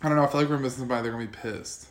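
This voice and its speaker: A young woman co-hosting a podcast, slightly drunk, telling stories in animated, cursing casual chat and acting out quotes. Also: extremely low pitch, very fast. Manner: animated storytelling, acts out quotes, swears freely. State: tipsy. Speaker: podcast co-host.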